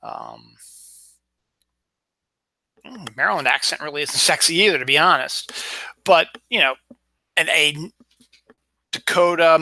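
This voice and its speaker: A man's voice: a little high, sharp tone, no echo. Rambling man hosting a solo chat show. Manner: rambling, hesitant with many fillers and restarts. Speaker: podcast host. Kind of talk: casual solo news chat. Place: at home.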